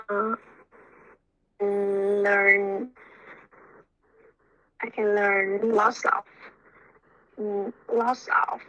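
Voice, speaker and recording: A woman's voice: mid-range voice, fairly bright tone, poor audio. A young woman with a Vietnamese accent answering IELTS speaking practice questions, hesitant, with many fillers and restarts.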